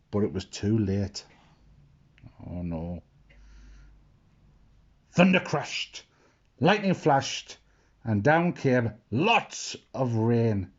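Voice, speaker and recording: A man slowly reading a children's picture book aloud, expressive and adding asides. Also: mid-range voice, lo-fi sound. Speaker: storyteller.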